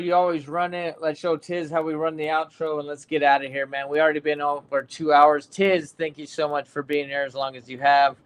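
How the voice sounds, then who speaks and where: Guy hosting a sports podcast, kinda high voice, chatty and animated, lots of ums. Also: clear, resonant tone. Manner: animated storyteller, trails off with fillers. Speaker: podcast host. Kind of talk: casual sports podcast chat.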